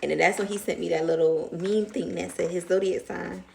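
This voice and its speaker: A young woman chats to her camera, retelling a story with lively animation and acting out the other voices. Her voice has a gravelly, fried texture. A faint hiss sits under the recording. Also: fairly low pitch, fairly quick. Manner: chatty, animated retelling, mimics voices in quotes. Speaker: vlogger. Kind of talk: casual storytime chat.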